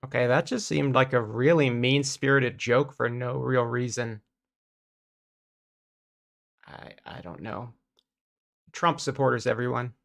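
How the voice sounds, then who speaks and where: A man's voice: mid-range voice, fairly even intonation, moderate pace, gravelly, hardly any pauses. A man hosting a casual debunking commentary in an exasperated, conversational way. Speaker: host.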